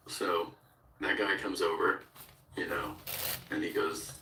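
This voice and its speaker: Man, low bright voice, casual podcast storyteller, laughs a lot, roomy distant sound. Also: steady tone, unhurried, pauses often, a little hiss or hum. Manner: laughs often while telling stories; swears casually, acts out quoted voices. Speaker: guest.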